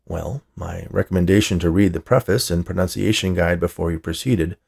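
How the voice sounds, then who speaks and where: A man voicing a precise, literal-minded male robot who speaks in a flat, deadpan way in a storybook reading. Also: sits low, a little fast, vocal fry, husky, heavily acted.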